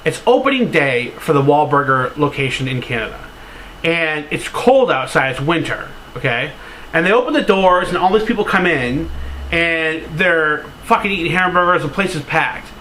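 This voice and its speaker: Male vlogger, high bright voice, rambling and filler-heavy, openly sentimental, casual cursing. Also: expressive, moderate pace, a little hiss or hum, poor audio. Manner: open, sentimental storytelling. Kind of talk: casual to-camera vlog.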